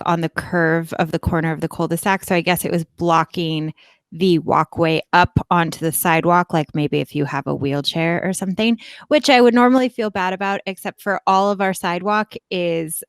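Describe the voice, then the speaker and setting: A woman's voice: fairly low pitch, steady tone, normal speed, smooth, no echo. Chatty young woman, dry close voice. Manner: chatty, rambling, upspeak-laden. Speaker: podcast guest. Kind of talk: casual storytelling.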